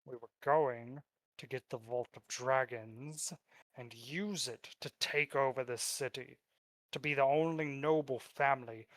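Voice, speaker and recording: A man voicing an arrogant, proud male noble lord who speaks loudly and haughtily. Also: mid-range voice, dry recording, natural voice.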